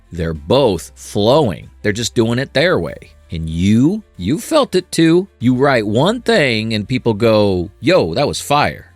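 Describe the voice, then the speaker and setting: A man's voice: on the low side, no room sound. A man giving punchy, playful scripted narration for an anime video essay, with slangy asides.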